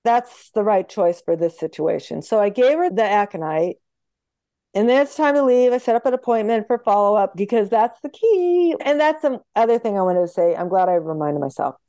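Animated woman telling stories. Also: medium pitch, no room sound. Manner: lively, acts out quoted voices, quick laughs. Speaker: homeopath guest. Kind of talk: animated storytelling in interview.

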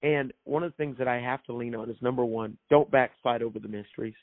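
A man with a medium-pitched voice speaks quickly, and there's no echo. He's an author and minister appearing as a guest to share his faith story, preaching emphatically and repeating phrases for effect. The audio is dry and thin, almost like a phone.

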